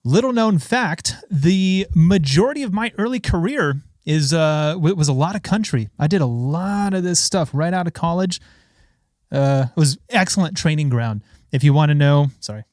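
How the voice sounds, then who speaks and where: A man, a bassist chatting casually on a live stream, a little out of breath and greeting viewers by name. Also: animated, moderate pace, darkish tone, dry recording, clean studio sound. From Los Angeles. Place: home studio. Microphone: studio microphone.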